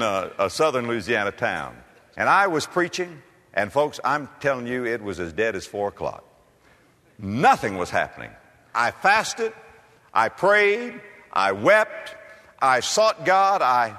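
A male preacher delivering a fervent revival sermon in a bright, ringing voice that climbs high and drops low. He fires off rhetorical questions and swings from near-shouts to hushed lines. His voice carries a long echo through a church hall. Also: very animated, unhurried. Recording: echoey hall.

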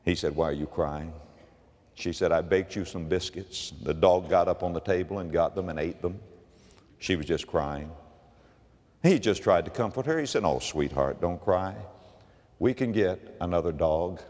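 An older man, a pastor, preaching a sermon with dramatic swings from emphatic peaks to low, quiet lines. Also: moderate pace. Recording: long hall reverb.

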